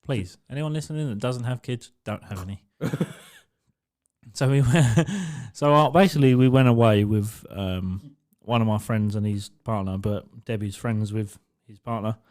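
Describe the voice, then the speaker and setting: A man's voice: mid-range voice, moderate pace, darkish tone. A young man co-hosting a podcast, telling sweary stories in casual chat and laughing as he goes. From England. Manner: sweary storyteller, laughs often, acts out voices in quotes. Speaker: podcast co-host. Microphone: studio mic on arm.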